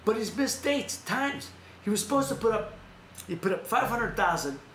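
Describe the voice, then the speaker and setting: A man hosting a casual boxing news chat, his voice sitting a little high for a man, and he wanders off on tangents, restarts his sentences and laughs as he goes. He is recorded in an echoey room with a faint hum of ambience behind him. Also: lively intonation, normal speed, a bit bright. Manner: rambling, self-correcting, laughs often. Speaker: host.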